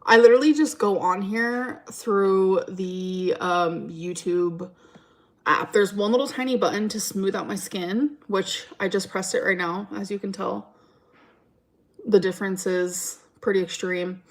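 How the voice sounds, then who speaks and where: A woman's voice: mid-range voice, unhurried. A woman streaming from home, chatting casually and rambling through a story time while answering her chat.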